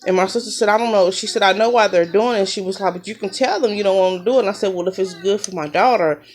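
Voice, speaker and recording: A woman's voice: medium pitch, fast, darkish tone. A woman, casually telling a long personal story to the camera and acting out what everyone said. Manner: chatty, retelling events with quoted dialogue. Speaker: mom vlogger.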